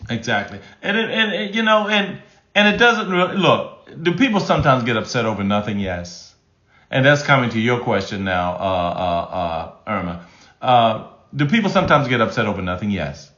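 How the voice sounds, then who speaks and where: A man's voice: medium pitch, lively intonation, normal speed, a bit bright. Emphatic man coaching on a live stream. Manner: emphatic, repeats key phrases, frequent restarts. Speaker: relationship coach and host. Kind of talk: live-stream teaching, reading chat comments. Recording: roomy, slightly dull sound.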